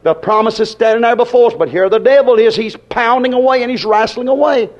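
A high-pitched man preaches, folksy and dramatic. He swings from loud to soft and plays out voices as he goes. The recording sounds dull and lo-fi. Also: quick pace. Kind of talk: sermon.

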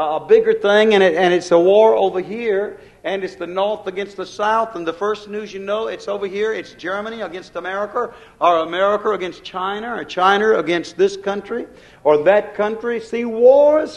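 High-voiced man preaching a folksy sermon. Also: low-quality recording. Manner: folksy preaching, calls out to the congregation. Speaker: minister.

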